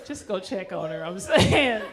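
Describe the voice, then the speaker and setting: Brash profane woman doing stand-up. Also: mid-range voice. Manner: brash, profane, conversational punchlines. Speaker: stand-up comedian. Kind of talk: stand-up comedy set. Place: comedy club stage with live audience. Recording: audience laughter and noise.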